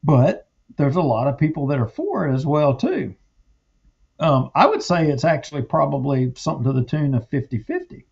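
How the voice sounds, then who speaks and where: A man's voice: fairly high pitch, very animated, normal speed, vocal fry, darkish tone, breathy edge, lo-fi sound. A man co-hosting a political talk show, speaking in a heated, emphatic way and repeating himself. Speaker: podcast co-host.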